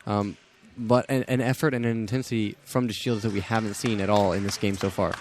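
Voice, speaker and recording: Low-voiced young man doing color commentary. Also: fairly even intonation, fairly quick, darkish tone, a little hiss or hum. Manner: analytical, many ums and restarts.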